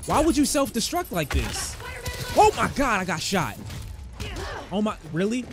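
A young man giving excitable, trash-talking commentary while playing a video game. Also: high voice, a little slow, music in the background. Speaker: gaming streamer. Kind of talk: let's-play commentary. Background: game soundtrack.

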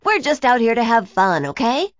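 A woman's voice: a little high, very animated, moderate pace, no room sound, studio quality. A woman doing a kind, encouraging coach. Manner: encouraging, upbeat. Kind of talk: storybook reading.

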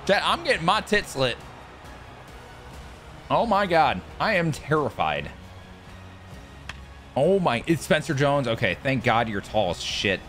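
Excitable male gamer narrating his own match, bright and animated, loud on big moments. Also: a little high, a little slow, long pauses, faint music behind. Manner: excitable, swears, yells at big plays. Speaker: gaming YouTuber. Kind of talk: live gameplay commentary.

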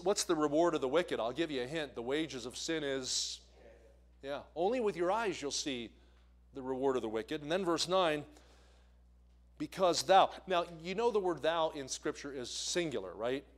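A man's voice: on the high side, expressive, moderate pace. A man from the American Northeast preaching a sermon as a visiting evangelist, telling stories and putting questions to the congregation. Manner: storytelling, asks the congregation questions. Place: church sanctuary.

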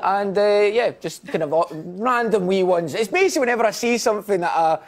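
A young Scottish comedian as a chat show guest, telling quick, self-deprecating stories and laughing often. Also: male voice, high voice, animated, a crowd in the background. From Scotland. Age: young adult.

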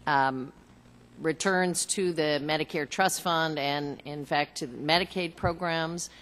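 Low-voiced woman testifying in echoing hall. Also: a bit bright. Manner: measured, earnest, with frequent fillers. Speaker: cabinet secretary testifying at a hearing. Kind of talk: formal hearing testimony. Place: large hearing room.

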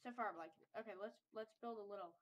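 A woman's voice: medium pitch, racing, highs cut off. A woman with a congested voice, rambling and thinking aloud in casual gameplay commentary as she builds. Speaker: server owner playing a game.

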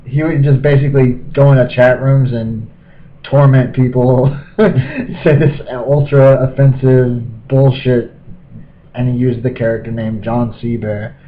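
Man, quiet and halting, hunts for words, thin phone-like audio, faint noise. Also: mid-range voice, steady tone. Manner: hesitant, searches for words, quiet. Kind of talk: casual chat.

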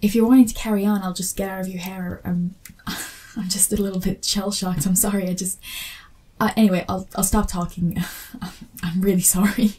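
In a lightly acted whispered role-play, a woman with a warm, medium-pitched voice and fairly even intonation speaks a little fast. She portrays an awkward, flustered young female fan meeting her favorite author, rambling in apologetic, self-deprecating chatter.

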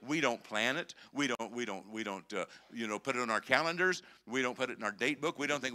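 A male pastor preaching a sermon, emphatic and conversational, with swings between quiet and intense. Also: medium pitch, quick pace, hardly any pauses.

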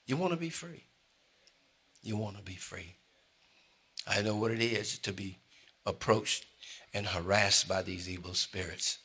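A man preaching a sermon, calling out to the congregation and swinging between hushed asides and loud exclamations. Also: fairly low pitch, breathy edge. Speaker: pastor.

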